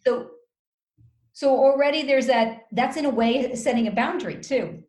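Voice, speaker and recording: A woman working as a communication coach gives advice in an interview, in a measured, instructive way. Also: high-pitched. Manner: measured, instructive, acts out calm example phrases. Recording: roomy echo.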